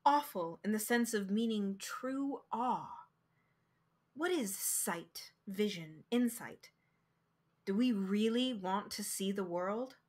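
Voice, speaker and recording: A woman reading the part of a wry older male psychiatrist, quiet and reflective. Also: medium pitch, slow, voice pushed down. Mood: musing.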